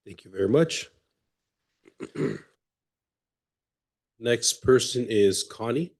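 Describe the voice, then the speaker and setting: A man's voice: mid-range voice, expressive, extremely slow, a little mellow. A man chairing a council meeting, calling up speakers and hesitating over names. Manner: hesitant, reading names aloud. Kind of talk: chairing public comment. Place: city council chamber.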